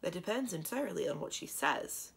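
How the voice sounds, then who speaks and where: A female dragon king who rules with calm authority, speaking mildly but firmly, as a woman reader puts her on. The tone is husky and a little gravelly, from a storybook read aloud. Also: on the low side, a little fast, heavily acted. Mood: calm assured. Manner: mild and assured.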